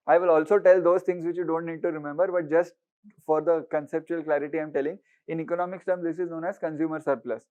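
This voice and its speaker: A man with an Indian English accent lectures on economics in a fairly high voice, acting out haggling sellers and checking in with "right?". The sound is dull and lo-fi. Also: a little mellow. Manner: explains with everyday market stories, acts out haggling sellers; mixes Hindi words into English, asks "right?" often. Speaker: economics teacher. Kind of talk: online exam-prep lecture.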